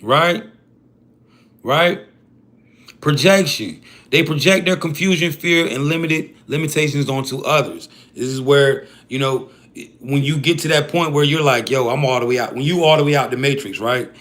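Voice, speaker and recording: A man's voice: fairly high pitch, moderate pace, fairly bright tone. A man hosting a livestream, talking casually and profanely to his chat in heavy slang. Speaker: livestream host.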